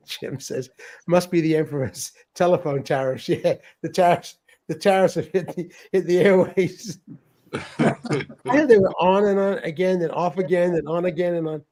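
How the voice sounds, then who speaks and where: Chatty higher-voiced man hosting a stream. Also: normal speed, mellow. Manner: chatty, laughs often, stumbles and repeats words. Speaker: livestream host. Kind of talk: casual chat reading viewer comments.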